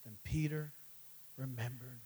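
A man preaching a sermon, calling out "amen" and "catch this" as he builds from quiet asides to loud, high passages. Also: steady tone, a little slow, slightly rough, low-quality recording. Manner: calls for response with "amen" and "catch this".

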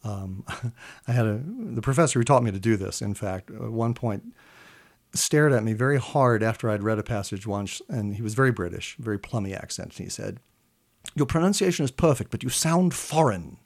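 A man, a literature scholar, talking through old English verse in a relaxed interview, sometimes reading lines aloud slowly with long, held vowels. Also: on the low side, gravelly. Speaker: literature professor guest. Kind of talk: animated explanatory chat with recitation.

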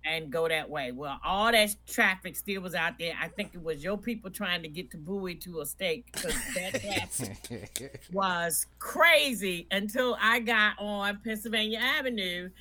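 Bright-voiced middle-aged woman chatting. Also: fairly low pitch, lively intonation, unhurried, slight background noise. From Washington, D.C. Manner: chatty, rambling storyteller. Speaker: guest. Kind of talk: casual chat.

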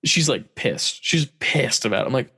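A man's voice: mid-range voice, lively intonation, moderate pace, bright, forceful tone, breathy edge. A man in casual chat, telling a story with frequent laughs and casual swearing.

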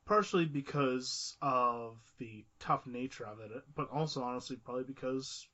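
A man co-hosting a casual film podcast, cracking quick jokes between points. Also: mid-range voice, sharp tone, slight background noise. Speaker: podcast co-host. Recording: muffled lo-fi audio.

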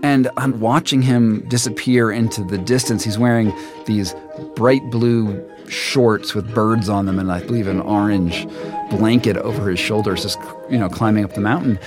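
Halting male storyteller over music. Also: fairly low pitch, steady tone. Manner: halting, full of restarts and repeats. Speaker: storyteller guest. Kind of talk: first-person story narration.

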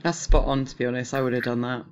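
A woman's voice: a bass voice, steady tone, fast talker. Female contestant, jokey, giggly banter. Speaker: quiz contestant. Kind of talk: casual chat.

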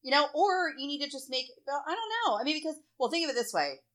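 A woman's voice: high-pitched, lively intonation, fast, a bit bright. A woman in casual chat, frank and supportive, offering her view.

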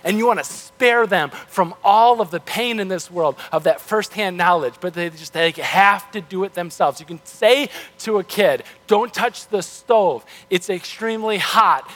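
A man's voice: high voice, normal speed, hardly any pauses, a bit bright, big-room sound. A male pastor giving a sermon in a loose, conversational way with frequent restarts, heard in a church. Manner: casual, conversational, self-correcting.

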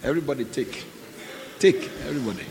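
A man's voice: medium pitch, fast, a little mellow. A male pastor exhorts his congregation, repeating short commands and quizzing people directly as he calls them forward. His voice carries a long echo in the hall, with faint noise underneath. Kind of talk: sermon calling for offerings. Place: church.

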